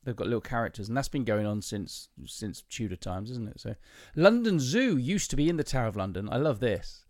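A man's voice: mid-range voice, sing-song, a little fast, few pauses, darkish tone, no room sound, clean studio sound. A man co-hosting a podcast in casual chat, eagerly sharing trivia and laughing as he goes. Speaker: podcast co-host.

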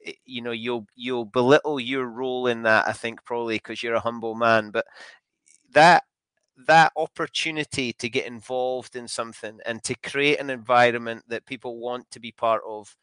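A man's voice: medium pitch, fairly even intonation, moderate pace, fairly bright tone, clear, resonant tone, no room sound. A man hosting an interview, asking long, enthusiastic questions that ramble, with frequent restarts. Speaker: podcast host.

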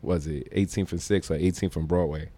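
Animated New man telling stories. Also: deep voice, a little fast. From Brooklyn, New York. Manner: animated, slangy storyteller who acts out quotes and laughs often. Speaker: podcast guest. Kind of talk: casual storytelling interview.

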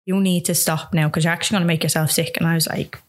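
Young woman, low flat voice, rambling storyteller with lots of fillers, interview guest. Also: fast talker. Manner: rambling, filler-heavy, reenacts dialogue. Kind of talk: personal storytelling.

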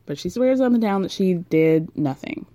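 A woman's voice: on the low side, lively intonation, moderate pace, warm tone, no echo. A woman hosting a casual recap, talking frankly, swearing freely and leaning on fillers. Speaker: podcast host recapping a reality show.

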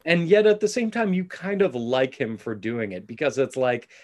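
A man co-hosting a casual podcast chat, talking in an animated way with quick asides and the odd swear. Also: mid-range voice. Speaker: podcast co-host.

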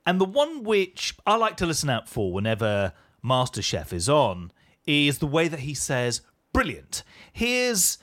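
A man's voice: fairly high pitch, a bit bright. Dry man hosting a podcast. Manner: dry, mock-formal, self-deprecating. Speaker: podcast host. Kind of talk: casual chat.

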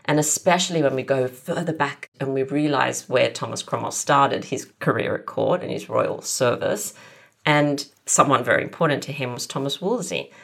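Very low, gravelly woman historian. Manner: thoughtful, explains at length with many asides. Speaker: guest author and historian. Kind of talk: podcast interview.

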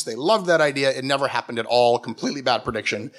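A Canadian man giving a mock-academic comic talk in a sardonic, animated way. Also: sits high, fairly quick, hardly any pauses. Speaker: comedic lecturer. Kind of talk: stand-up style comic talk.

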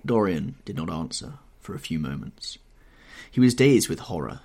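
A man reads audiobook narration in a low, husky voice that still moves around a lot in pitch. His delivery is measured and calm. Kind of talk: scripted narration.

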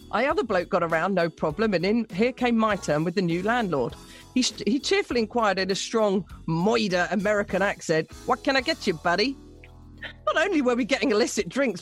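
A woman co-hosting a radio show, reading a listener's story aloud with lively, amused storytelling. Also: mid-range voice. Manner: lively, amused storytelling, laughing between lines. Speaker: radio co-host.

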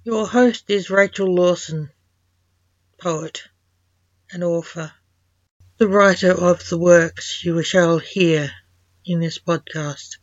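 A woman podcast host, a poet and author, reading her own rhyming spooky stories with a measured storytelling cadence. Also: fairly low pitch, steady tone, no room sound. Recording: dull lo-fi dry recording.

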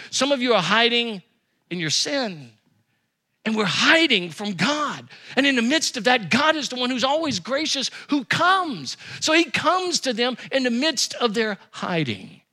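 A man preaching a sermon as pastor, with emphatic repetition and quick rises and drops. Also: extremely high pitch, pushed and bright.

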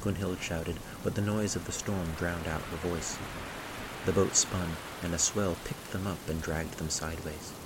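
Male audiobook narrator: very low, gravelly, measured; heavy storm sound bed. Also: noisy background. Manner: steady, measured storytelling. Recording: rain and thunder sound effects. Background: rain and thunder.

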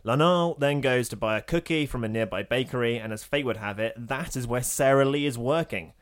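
A man co-hosting a film podcast, telling stories in an animated way and laughing often. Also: mid-range voice, brisk. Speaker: podcast co-host. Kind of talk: casual chat.

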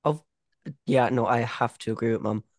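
A man's voice: mid-range voice, fairly even intonation, moderate pace, no room sound. A young man chats bluntly and swears freely in casual talk. The recording is dry and close. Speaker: podcast co-host. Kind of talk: casual chat.

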